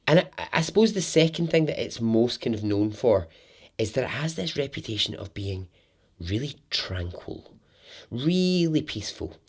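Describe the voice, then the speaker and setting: A man's voice: medium pitch, very animated, normal speed, husky. A man hosting a storytelling podcast, chatty and jokey with sarcastic asides.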